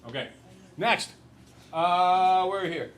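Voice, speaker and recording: A male teacher lecturing a class in an animated, joking storyteller way. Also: sits high, takes it slowly, slight background noise.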